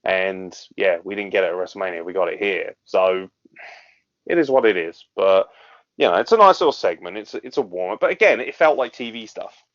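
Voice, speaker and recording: A man's voice: low voice, animated, brisk, a bit bright. A man co-hosting a wrestling review podcast, ranting in an exasperated, sweary way with frequent laughs. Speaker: podcast co-host. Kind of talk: casual wrestling review chat. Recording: dull lo-fi podcast audio.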